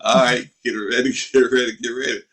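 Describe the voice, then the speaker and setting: A man's voice: mid-range voice, flat delivery, fairly quick, a bit bright. A man hosting a live session, upbeat and encouraging, laughing as he talks with the audience. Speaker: host.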